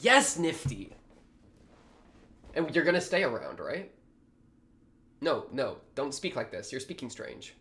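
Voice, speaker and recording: A young man hosting a reaction video, talking casually and excitably with a lot of slang as he reacts to what he watches. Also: medium pitch, moderate pace, vocal fry. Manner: excitable, slangy, thinks aloud.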